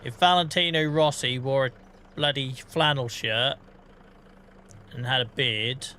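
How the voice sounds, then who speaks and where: A man in his forties talks casually to his livestream chat. His voice is bright and forward, and his manner is self-mocking and jokey, with light swearing as he plays. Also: mid-range voice, measured pace, slight background noise. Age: 40s.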